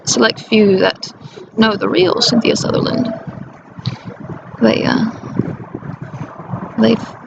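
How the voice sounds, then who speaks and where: A woman vlogger telling a rambling personal story, halting and breaking into nervous laughter. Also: medium pitch. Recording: muffled lo-fi with clear background noise.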